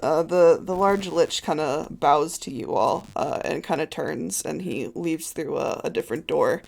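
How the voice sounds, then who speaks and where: A game master narrating a tabletop game in a relaxed, filler-heavy way. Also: mid-range voice, a little slow, vocal fry.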